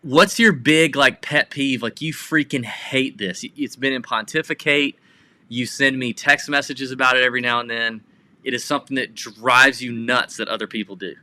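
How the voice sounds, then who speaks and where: Man, podcast co-host, excitable, rambling storyteller, sharp bright tone, middle pitch. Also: moderate pace, no echo. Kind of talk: casual podcast chat.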